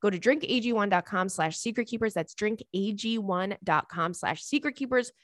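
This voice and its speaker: A woman in her thirties hosting a podcast, chatting casually and reading a listener letter aloud in a lively, excitable way with casual swearing. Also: medium pitch, moderate pace, no echo, clean studio sound. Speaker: podcast host.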